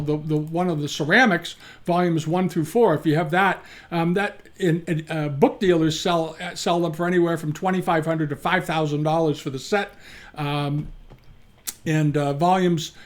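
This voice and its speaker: A man giving casual, opinionated commentary on antiques auctions, talking frankly and often restarting his sentences. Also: on the high side.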